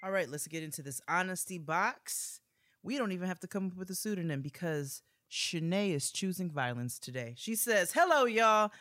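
Bright, animated male podcast co-host. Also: sits high, moderate pace, no room sound, studio quality. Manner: animated, joking, reads letters aloud. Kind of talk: casual chat and ad read.

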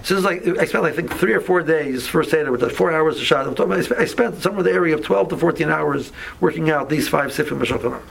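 A man's voice: on the high side, very fast, gravelly, hardly any pauses, slightly rough, rough recording. A man teaching an informal Torah class, talking conversationally with many restarts and asides.

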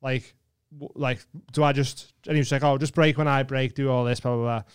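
Here a podcast co-host from England spins a lively anecdote, laughing and swearing freely in casual conversation. He has a mid-range, clean-toned voice and talks fairly quickly, recorded at studio quality without echo.

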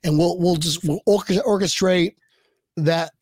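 Rowdy, high-voiced fan co-host. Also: male voice, steady tone, measured pace, no echo, studio quality. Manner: rambling, loud bursts of laughter and yelling. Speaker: podcast co-host. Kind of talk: excited sports fan chat.

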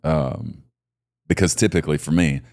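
A man hosting a podcast, chatting casually and warmly affirming his guest, laughing easily as he talks. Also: a bass voice, fairly even intonation, moderate pace. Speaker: podcast host. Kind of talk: casual chat.

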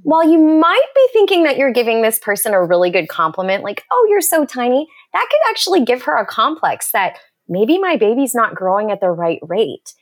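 Lively, animated woman doula guest. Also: a little high, brisk, few pauses. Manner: enthusiastic, animated, acts out quotes. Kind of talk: casual podcast chat.

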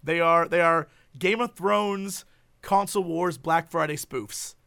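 A young man in casual comedic chat with a friend, animated and jokey, rambling with restarts. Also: fairly high pitch, measured pace, creaky, clean tone. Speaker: co-host.

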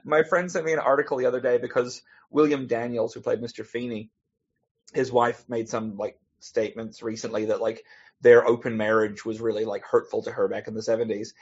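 A man's voice: medium pitch, level tone, brisk, darkish tone, slightly rough. A man, a comic author on a podcast as a guest, telling rambling anecdotes in a casual chat and laughing between restarts. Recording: dull lo-fi podcast audio.

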